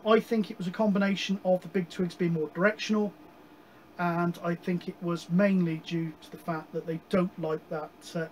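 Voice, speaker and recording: A man casually chatting about his radio hobby, rambling with many pauses and digressions. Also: on the high side, slight background noise, rough recording. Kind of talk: casual chat.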